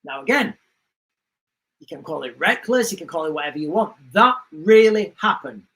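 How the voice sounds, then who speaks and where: A man's voice: fairly high pitch, normal speed. Rambling man hosting a livestream. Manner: rambling, restarts often, animated asides. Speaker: livestream host. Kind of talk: casual livestream chat reading comments.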